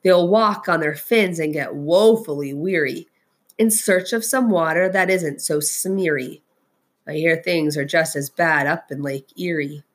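The Lorax, a woman voicing a cranky little creature. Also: unhurried. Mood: indignant. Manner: scolding, reproachful, raised pitch. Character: small cranky male forest creature, scolding. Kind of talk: storybook read-aloud.

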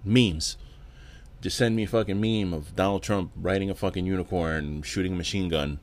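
A man's voice: low-pitched, steady tone, moderate pace, a little hiss or hum. A man hosting his own podcast, ranting alone in a profane, exasperated way and often repeating words. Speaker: podcast host. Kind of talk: casual solo rant.

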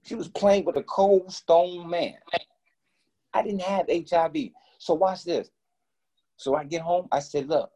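A man guest telling a story in casual talk, animated and profane, acting out both sides of each conversation. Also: fairly high pitch, unhurried.

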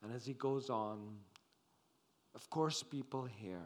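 Slow, dramatic male preacher. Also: on the low side. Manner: slow, dramatic preaching that swings from loud to hushed. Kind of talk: sermon.

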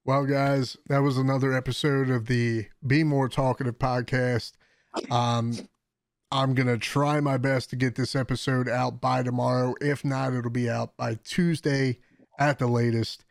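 Male podcast host, relaxed and friendly, dry close sound. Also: medium pitch, unhurried, gravelly, dry recording. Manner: easygoing, laughs often. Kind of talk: casual chat.

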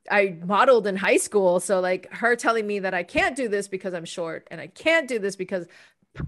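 A woman's voice: medium pitch, fairly bright tone. A woman co-hosting a podcast, a former radio host, chatting easily in a casual conversation.

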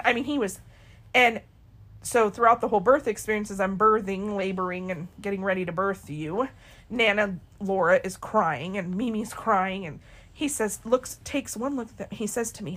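A woman with a husky, slightly breathy voice, telling a story in a relaxed, conversational way. She talks to her daughter like it's a kitchen-table chat, throwing herself into each person she quotes. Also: mid-range voice, moderate pace. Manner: lively storyteller who acts out quoted people. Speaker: podcast co-host.

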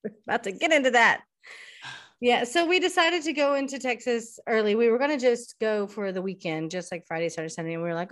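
A woman's voice: on the high side, fast, fairly bright tone. A middle-aged woman co-hosting a podcast, chatting casually and rambling with frequent swearing. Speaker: podcast co-host. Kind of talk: casual chat.

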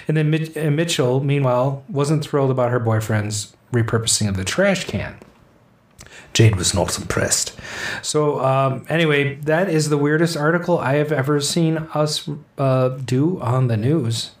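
A man's voice: mid-range voice, unhurried. A man co-hosting a casual show, reading out an odd news story with jokes and laughter. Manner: jokey, laughing, tries silly accents. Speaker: co-host reading a news segment. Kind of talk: casual chat. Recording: roomy echo.

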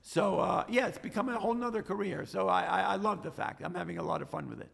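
A middle-aged man, telling stories in an interview, animated and often restarting his words. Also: high-pitched, quick pace, gravelly, breathy edge. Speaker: podcast guest, stock trader. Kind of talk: casual interview storytelling.

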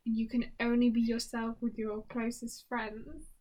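A woman's voice: on the high side, completely flat delivery, a little slow, crowd noise, low-quality recording. A young woman chatting casually with a friend, giggly and talkative. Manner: chatty, giggly, reads results aloud. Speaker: host. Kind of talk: casual chat doing online quizzes.

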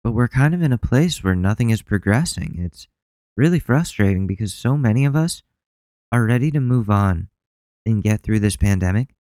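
A man's voice: fairly low pitch, animated, moderate pace, darkish tone, no echo. A man hosting a solo podcast, talking bluntly and sarcastically with plenty of swearing. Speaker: podcast host.

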